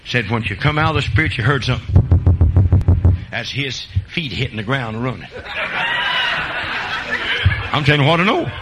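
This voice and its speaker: A man preaching a sermon and telling folksy country stories, jumping between loud high bursts and low quiet asides. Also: lively intonation, normal speed, long pauses, very noisy.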